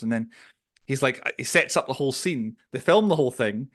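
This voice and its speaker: A man co-hosting a podcast, casually reviewing a film in an opinionated, animated way. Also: mid-range voice, brisk. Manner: opinionated, animated storytelling with quoted voices. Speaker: podcast co-host.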